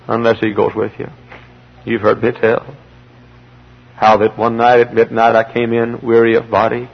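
A gravelly, husky-voiced man preaches a revival sermon. He swings from shouting peaks down to hushed, slow pleas. It sounds like a dull, lo-fi old sermon tape. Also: medium pitch, completely flat delivery. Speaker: pastor.

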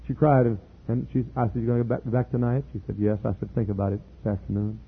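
A middle-aged male pastor telling a story in a sermon, earnest, repeating words and building to loud emphatic peaks. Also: mid-range voice, flat delivery, fast talker, slightly rough. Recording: tinny lo-fi sermon tape.

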